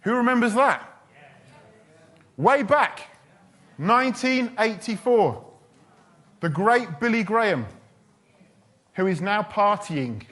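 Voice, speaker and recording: A man's voice: high voice, expressive, slow pace, pauses often, a bit bright. A man preaching a sermon in a chatty, humorous storytelling way. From England. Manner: chatty, humorous, with quoted voices.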